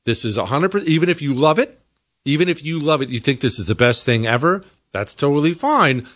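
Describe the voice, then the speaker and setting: An American man hosting a talk show, delivering an emphatic opinion monologue that climbs into high-pitched exasperation. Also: expressive, fairly quick, a bit bright. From United States. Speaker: political talk show host.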